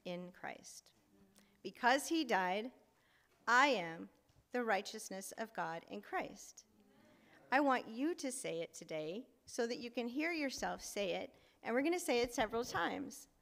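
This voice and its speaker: A woman's voice: on the high side, lively intonation, a little slow, creaky, a bit bright. A woman preacher giving a sermon in a church, speaking earnestly and leading the congregation in repeating phrases. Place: church sanctuary. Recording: echoey church hall with faint music.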